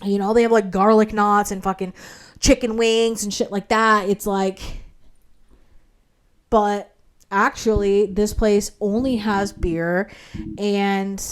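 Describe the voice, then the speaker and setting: A young adult woman hosting a vlog, telling a story casually, swearing a lot and filling her speech with "like", her pitch jumping when she gets indignant. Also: takes it slowly, long pauses, smooth. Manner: profanity-laden, heavy use of "like"; animated, indignant retelling with sudden jumps in pitch. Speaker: vlog host.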